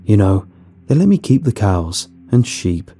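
A man's voice: fairly low pitch, big pitch swings, measured pace, warm tone, slightly rough, heavily acted. A man voicing a despairing old male farmer who grumbles bitterly, in a horror story reading.

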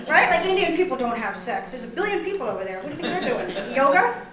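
A woman's voice: high-pitched, big pitch swings, fast talker, a loud crowd. A woman performing a stand-up comedy monologue on a small theater stage, chatty and teasing as she jokes with the audience. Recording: roomy live room with audience.

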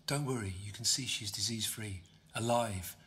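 A man voicing a tough, secretive young woman who speaks curtly and often in a hushed whisper. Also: on the low side, moderate pace, natural voice.

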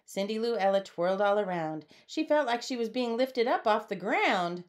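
A woman's voice: medium pitch, moderate pace. Woman reading a storybook aloud. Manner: lively, puts on voices for characters. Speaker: storybook reader. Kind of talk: read-aloud storybook narration.

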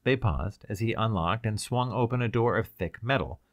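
A man's voice: fairly low pitch, normal speed, no room sound, clean studio sound. A man reading a science fiction short story aloud as an audiobook narrator.

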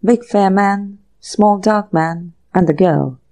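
A woman's voice: mid-range voice, takes it slowly, dark tone. A woman voicing a curt, unsympathetic male police inspector in an audiobook reading. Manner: curt, matter-of-fact.

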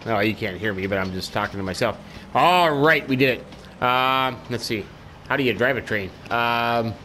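Guy chatting thru a farming game, talks to his horse, gets squeaky when hyped. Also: brisk, sharp tone, slight background noise. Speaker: gaming YouTuber. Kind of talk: let's-play commentary.

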